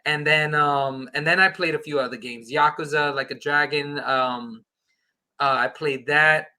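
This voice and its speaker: A man, a podcast guest, telling an excited casual anecdote and acting out the dialogue. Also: on the high side, a little slow.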